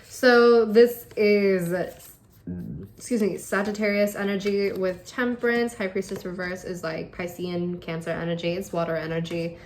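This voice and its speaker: A woman reads tarot cards in a casual, unscripted way. She speaks straight to the listener and coaxes them along, often checking in with a quick "okay?". Her voice sits at a middle pitch. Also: level tone, darkish tone. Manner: direct, coaxing, tags lines with okay and all right. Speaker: tarot reader.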